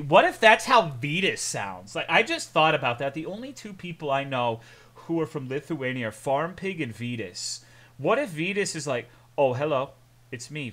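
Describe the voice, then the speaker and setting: Bright-voiced man chatting on stream. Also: mid-range voice. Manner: rambling, jokey, reads chat aloud. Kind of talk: casual live-stream chat.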